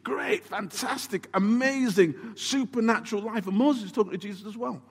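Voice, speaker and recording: A man with a high-pitched voice preaches with animated emphasis and asks his listeners rhetorical questions. His voice carries a long, echoing hall reverb. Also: normal speed, hardly any pauses, breathy edge. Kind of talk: sermon.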